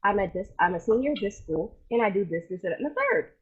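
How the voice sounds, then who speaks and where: A woman co-hosting a podcast, telling lively casual stories in slangy speech with a husky voice over a video call. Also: medium pitch, fairly quick, lo-fi sound. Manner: animated storyteller, colloquial, laughs easily. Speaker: podcast co-host. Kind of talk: casual chat.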